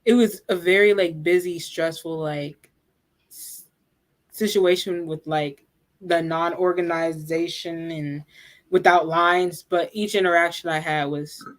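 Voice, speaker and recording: A woman's voice: fairly low pitch, fairly even intonation, a little slow. A woman guest on a video call, chatting casually with many fillers. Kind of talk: casual chat.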